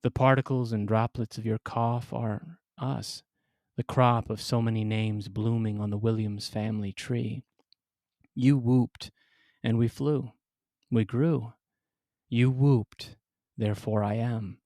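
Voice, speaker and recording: A man hosting and telling a scripted personal story, with wry, dramatic delivery and pointed pauses. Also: medium pitch, steady tone, mellow, no echo, studio quality. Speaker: storyteller and podcast host.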